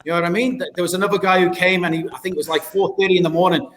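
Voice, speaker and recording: High-voiced man telling stories. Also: rapid-fire. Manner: animated anecdotes, swears and laughs a lot. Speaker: guest, former doorman. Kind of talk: casual storytelling.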